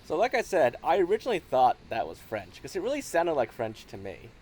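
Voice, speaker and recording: A man's voice: fairly high pitch, brisk, husky. Man casually explaining a game quirk. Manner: relaxed and explanatory, with frequent restarts and "like". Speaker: gaming video host. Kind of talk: casual commentary.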